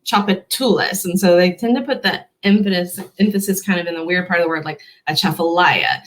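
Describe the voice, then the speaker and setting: A woman's voice: on the low side, low-quality recording. Playful woman hosting a quiz. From Louisiana. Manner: playful, laughs often, slows down to sound out words. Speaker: host. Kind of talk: casual pronunciation quiz.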